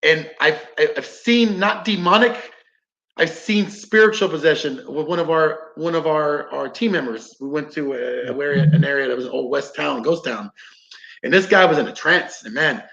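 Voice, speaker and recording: A man's voice: a little high, moderate pace, gravelly, bright, forceful tone. Rambling man telling a ghost story. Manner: rambling, swears freely, acts out quotes. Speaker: paranormal investigator. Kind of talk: casual storytelling. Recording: roomy, dull lo-fi podcast audio.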